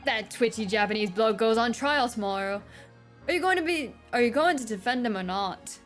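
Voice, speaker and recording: A woman reading the lines of a brusque, scornful middle-aged male police inspector in a game, with a slightly high voice. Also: lively intonation, normal speed, faint music behind, close to an everyday voice. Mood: gruff. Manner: scornful, grumbling.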